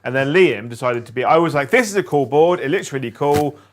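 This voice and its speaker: Lively, teasing man at a gaming table. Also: mid-range voice, a little fast, slight background noise. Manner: teasing, laughs often. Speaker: tabletop game player. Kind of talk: casual chat while gaming.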